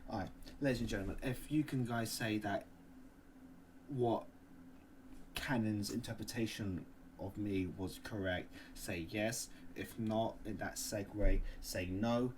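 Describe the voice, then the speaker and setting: A loud, joking man trading crude banter on a casual podcast, his voice sitting fairly low. He swears freely and breaks into laughter often, with a faint hiss of noise under the recording. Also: a little slow. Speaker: podcast co-host.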